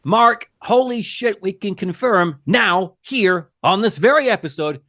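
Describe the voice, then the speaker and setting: A man hosts a loose, jokey podcast and swears freely as he riffs. His voice sits a little high and swings widely in pitch. He shifts between silly bits and friendly welcomes. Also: a little slow. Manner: animated, profane, jokey, slips into silly voices. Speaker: podcast host. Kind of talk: casual podcast banter.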